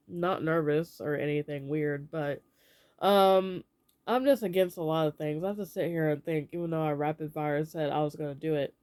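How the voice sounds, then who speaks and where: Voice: mid-range voice, fairly even intonation, moderate pace, darkish tone, clear, resonant tone. A young adult vlogger sharing opinions in a casual, rambling way, with lots of fillers.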